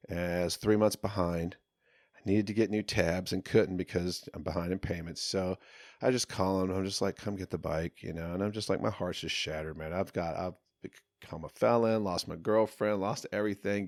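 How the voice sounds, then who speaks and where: A man telling a long personal story in casual podcast talk, profane and animated, sometimes shouting as he relives moments. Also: deep voice, no room sound, studio quality. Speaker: podcast guest.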